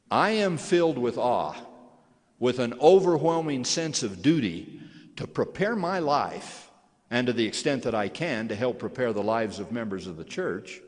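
A man giving a sermon to young church members, earnest and solemn, swelling in force on key phrases. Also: medium pitch. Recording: long hall reverb.

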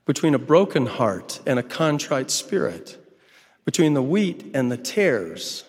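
A man delivering a sermon in a measured, emphatic way, lingering over lists and key phrases. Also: mid-range voice, sing-song, a little mellow, husky. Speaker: church speaker. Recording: long hall reverb.

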